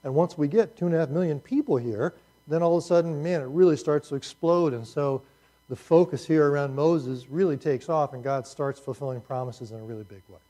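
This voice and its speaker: Man lecturing a class, dark voice. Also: on the high side, fairly quick. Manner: conversational, restarts and asides to students. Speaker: teacher.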